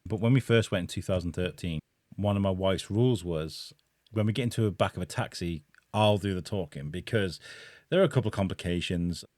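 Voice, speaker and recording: A man's voice: low-pitched, brisk, no room sound, studio quality. A man, a podcast guest, tells a funny personal story with bursts of laughter. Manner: animated, laughing while telling a story.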